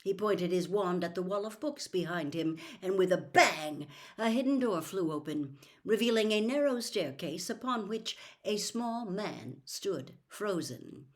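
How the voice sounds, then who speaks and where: A woman reading a novel aloud in a slow, deliberate storytelling manner. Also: mid-range voice, animated. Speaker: narrator. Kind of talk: audiobook reading.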